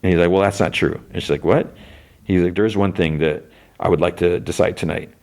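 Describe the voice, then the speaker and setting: A man hosting a podcast, casually retelling a TV episode scene by scene with lots of fillers and quick character voices. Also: low-pitched, steady tone, darkish tone. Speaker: podcast host.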